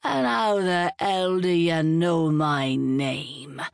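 A woman's voice: low voice, creaky, no room sound, clean studio sound, far from the mic, exaggerated voice. A woman voicing a surly, drunken dockside man who slurs his words and snarls. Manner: slurred, snarling, slow drawl.

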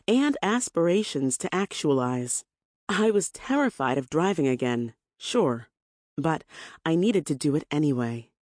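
An adult narrator reading a personal story from a self-help book as scripted first-person narration, in a measured, reflective way that slows on key phrases. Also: mid-range voice, lively intonation, dry recording, clean studio sound.

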